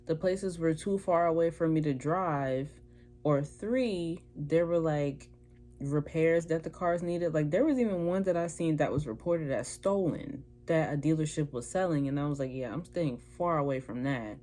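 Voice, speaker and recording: A woman's voice: sits low, moderate pace, mellow. A young woman vlogger telling a personal story in a casual, chatty way, acting out what people said in different voices. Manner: chatty, acts out quoted dialogue in altered voices.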